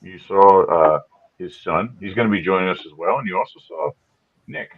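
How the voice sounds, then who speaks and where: An upbeat man hosts a live show in a lowish voice, rambling along with frequent restarts. His voice comes through slightly dull, lo-fi stream audio. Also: expressive, normal speed, gravelly. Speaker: podcast host. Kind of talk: casual live-show chat.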